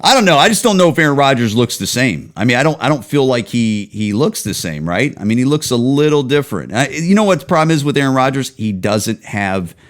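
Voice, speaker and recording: A man's voice: mid-range voice, big pitch swings, brisk, few pauses, a bit bright. Profane ranting man in his forties. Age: 40s. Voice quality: profane, rambling, heated. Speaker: podcast host. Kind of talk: casual solo podcast rant. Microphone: home camera setup.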